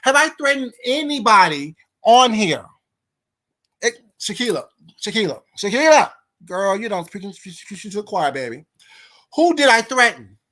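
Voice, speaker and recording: A woman's voice: mid-range voice, sing-song, moderate pace, fairly bright tone. A woman hosting a live stream, indignantly firing rhetorical questions at her viewers and a caller. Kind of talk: heated live-stream rant.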